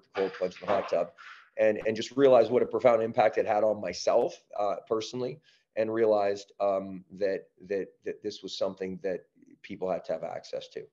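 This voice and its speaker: Canadian-raised male guest, casual animated storyteller, lowish voice, muffled lo-fi audio. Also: a little fast. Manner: animated storyteller, many restarts and "you know". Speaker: podcast guest, breath-work business founder.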